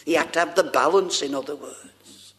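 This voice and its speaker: A man's voice: a little high, moderate pace, fairly bright tone. A man preaching a sermon, addressing the congregation with rhetorical questions and old-fashioned scripture wording.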